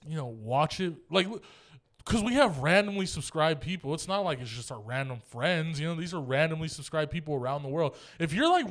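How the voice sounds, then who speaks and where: A man co-hosting a podcast in casual, joking chat, laughing often. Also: a little high. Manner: joking, laughs often, puts on mock accents. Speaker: podcast co-host.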